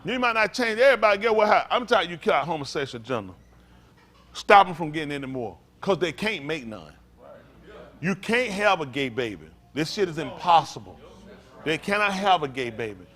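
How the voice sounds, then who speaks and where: A man's voice: a little high, very animated, brisk, fairly bright tone. A man preaching as a pastor in a blunt, profane, rambling informal sermon.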